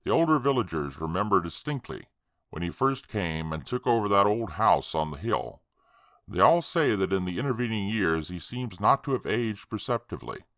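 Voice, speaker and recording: A man voicing a reluctant, uneasy friend who speaks hesitantly and gravely. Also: on the low side, big pitch swings, moderate pace, fairly bright tone, dry recording, clean studio sound. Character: uneasy middle-aged male friend, reluctant.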